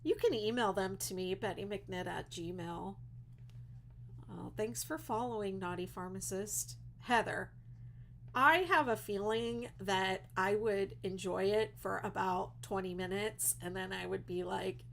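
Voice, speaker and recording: Teary, slow-talking woman with a gravelly voice. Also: medium pitch, slight background noise. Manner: emotional, teary and laughing, many fillers. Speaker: crochet designer hosting a livestream. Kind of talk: casual livestream chat reading comments.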